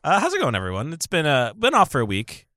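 A man's voice: on the high side, huge pitch swings, fast talker, pushed and bright, no room sound, studio quality. A young man with a Canadian accent hosting a casual sports podcast, teasing his co-hosts with jokey banter. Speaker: podcast host.

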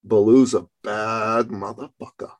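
A man's voice: lowish voice, steady tone, a little slow, poor audio. A man in his fifties hosting a podcast, talking casually in a blunt, profane storytelling way. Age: 50s. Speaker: podcast host. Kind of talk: casual conversation.

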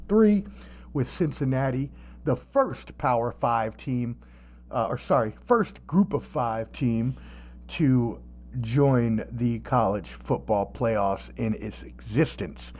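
Dude hosting a sports podcast, swears a lot, gets all animated making fun of people. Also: male voice, mid-range voice. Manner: animated, profane, mocking asides. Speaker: podcast host. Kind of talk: casual sports chat.

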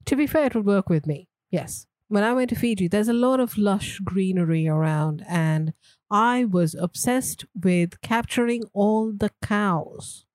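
Woman co-host, mellow tone, easygoing and chatty, dry sound. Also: mid-range voice, measured pace, dry recording. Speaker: podcast co-host. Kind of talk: casual movie discussion.

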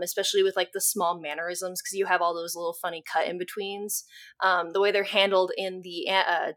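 A woman hosting a podcast, talking at length in a casual, rambling way with "um" and "like". Her voice sits a little low for a woman. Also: fairly bright tone. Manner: rambling, praises the guest with fillers. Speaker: podcast host. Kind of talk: casual chat.

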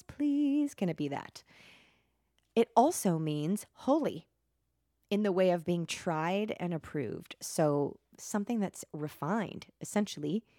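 A woman's voice: fairly low pitch, a little mellow, dry recording, studio quality. A woman hosting a faith podcast in a casual monologue, quirky, playful and chatty. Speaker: podcast host.

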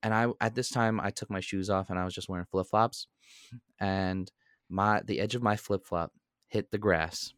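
A young man and podcast co-host telling a story in a casual, animated way. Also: moderate pace, clear, resonant tone, no room sound, studio quality. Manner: animated storyteller, jumps into high voices when quoting.

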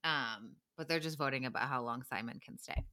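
Bright-voiced woman chatting on a podcast. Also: rumbling low, a little fast. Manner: animated, laughs often, lively quoting. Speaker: podcast co-host recapping a reality show. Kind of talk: casual chat.

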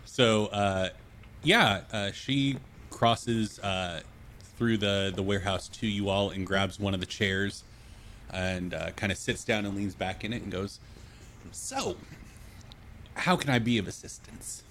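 A man narrating as game master in a tabletop game, relaxed and quick to laugh. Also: lowish voice, slight background noise.

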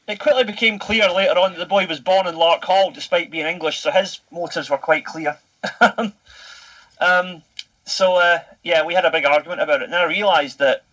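A man's voice: high-pitched, sharp tone, rough recording. A Scottish man in his thirties chatting on a podcast, telling stories animatedly and swearing freely. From Scotland. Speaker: podcast guest. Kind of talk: casual podcast chat.

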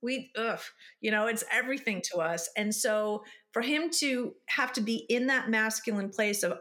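A woman's voice: medium pitch, normal speed, hardly any pauses, fairly bright tone. A woman hosting a podcast, responding reflectively and affirming her guest. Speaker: podcast host. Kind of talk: supportive podcast conversation.

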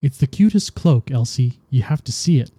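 A man voicing an excitable young woman tinkerer who talks in a quick, gushing way. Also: mid-range voice, breathy edge, no room sound. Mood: eager. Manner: gushing, then worried.

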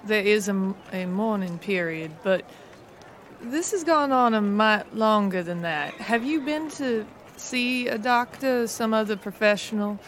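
A woman's voice: medium pitch, animated, a little slow, a bit bright, a little hiss or hum. A woman voicing a polite, formal widow in a tabletop game, speaking courteously with a put-on Southern accent. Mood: earnest.

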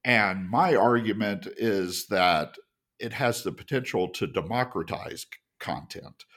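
A man's voice: lowish voice, measured pace, a bit bright. A man co-hosting a casual podcast discussion, talking in an earnest, explanatory way and often easing down in tone at the end of his phrases. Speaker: podcast co-host.

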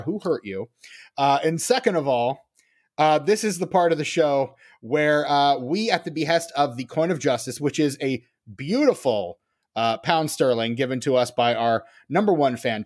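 A man's voice: mid-range voice, a little mellow. Rambling joking podcast guy. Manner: joking, rambling with many fillers. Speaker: podcast co-host. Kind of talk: casual chat.

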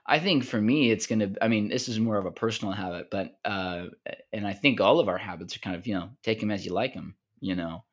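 A man's voice: on the low side, brisk. A man co-hosting a podcast, chatting casually and playfully about comedy. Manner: playful, joking, does deadpan impressions. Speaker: podcast co-host. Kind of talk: casual chat.

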